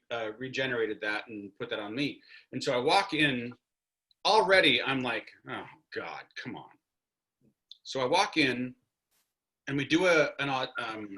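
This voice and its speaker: A man recounts an on-set story over a video call, his voice bright and forward. He slips into little acted-out quotes as he goes. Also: medium pitch. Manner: animated anecdote teller, acts out quotes. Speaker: guest actor.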